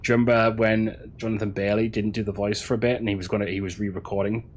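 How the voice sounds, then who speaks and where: Male game streamer, lowish voice, loose and halting with lots of restarts, quiet hum behind. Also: flat delivery. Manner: halting, chatty, many restarts, answering chat. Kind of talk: casual stream chat while gaming.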